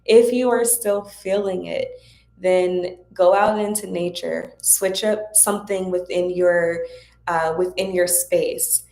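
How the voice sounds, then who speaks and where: A woman with a low voice talks casually to her viewers, offering spiritual guidance in an encouraging, chatty way. Her voice rings around an echoey room. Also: fairly even intonation, slow pace, vocal fry, warm tone. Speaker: host of a spiritual Q&A livestream.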